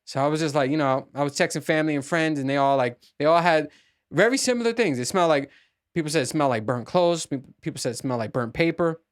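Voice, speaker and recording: A man's voice: a little high, fast. A man hosting a casual solo podcast monologue, rambling with restarts and frequent swearing. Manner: profane, rambling, with many restarts. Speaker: podcast host.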